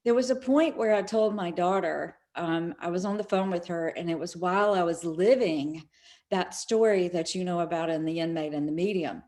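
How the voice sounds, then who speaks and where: Speaking at a normal speed in a lowish register, this middle-aged spiritual speaker shares stories in an online summit interview. She performs the quoted lines with animated energy.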